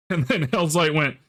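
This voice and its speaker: A man streaming a game, chatting casually, rambling and cursing, with lots of laughs and mimicry. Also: a little high. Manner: rambling and profane, with frequent laughs; animated, mimics others in quotes. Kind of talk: casual livestream chat while gaming.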